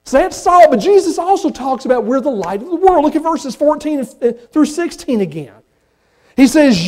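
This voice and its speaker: Folksy Southern preacher, high voice. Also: male voice, very animated, moderate pace. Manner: folksy, rises to impassioned shouts. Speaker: pastor. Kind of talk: sermon. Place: church sanctuary.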